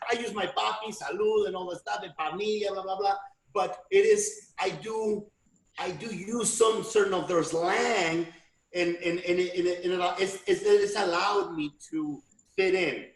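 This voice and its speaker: A man with a high-pitched voice talks in loose, joking podcast chat. He keeps sliding into Spanish phrases and slangy impressions. The room around him rings with echo. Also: moderate pace. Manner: playful, code-switching into Spanish and slang impressions. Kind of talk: casual comedic chat.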